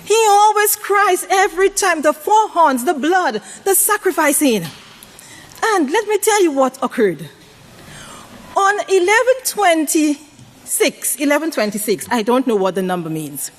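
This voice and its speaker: A woman preaches a sermon at a measured pace, very animated in her delivery. She poses questions to the congregation and invites them to shout back answers, swinging her pitch widely for emphasis.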